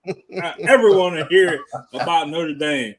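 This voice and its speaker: Loud trash-talking man on a podcast. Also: a little high, moderate pace. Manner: loud, profane trash talk with laughter. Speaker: podcast co-host. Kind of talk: casual sports chat.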